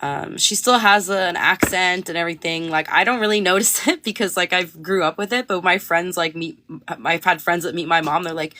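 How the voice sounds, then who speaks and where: A woman's voice: fairly low pitch, brisk, bright, forceful tone, no room sound. Chatty woman reading tarot on a livestream. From Canada. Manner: chatty, rambling, lots of fillers. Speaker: tarot reader.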